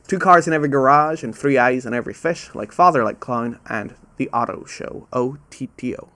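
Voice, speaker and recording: Pushed and bright at a medium pitch, a quizmaster leads a live online trivia game from his home webcam. He's easygoing and self-deprecating, repeats each question slowly, and finds "ow" sounds hard to say.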